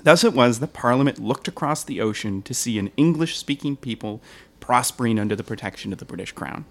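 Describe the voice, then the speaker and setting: A man who hosts a history podcast, explaining the past at length in a relaxed, joking chat and laughing easily. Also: medium pitch, brisk.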